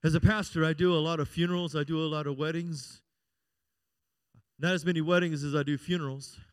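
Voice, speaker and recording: A middle-aged man, a pastor preaching a sermon, calling out "Amen?" and moving between loud and hushed passages. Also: a little high, fairly even intonation, a little fast, clear, resonant tone, dry recording. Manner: preaching with call-and-response "Amen?" and swings between loud and quiet.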